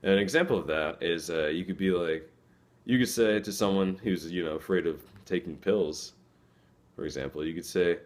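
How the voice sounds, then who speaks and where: A young man with a very deep voice talks through his points in an easygoing, conversational way. He speaks as a student presenter and slips into short acted-out lines to make each example land. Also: normal speed. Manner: loose and conversational, acts out little quoted lines. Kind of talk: casual explanatory talk.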